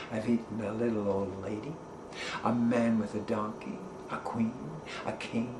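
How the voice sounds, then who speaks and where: A smug, greedy storybook cat brags about everything he has gobbled up, as a male storyteller puts him on. The delivery is slow and unhurried, and a roomy echo hangs around it. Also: mid-range voice, background noise, lightly acted. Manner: smug, bragging.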